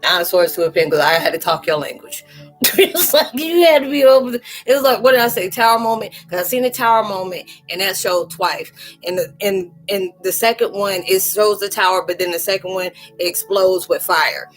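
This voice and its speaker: A woman's voice: mid-range voice, fairly quick, faint music behind. A woman hosting a casual livestream tarot reading, talking loosely and rambling, often acting out quoted voices. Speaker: spiritual tarot reader hosting a live chat.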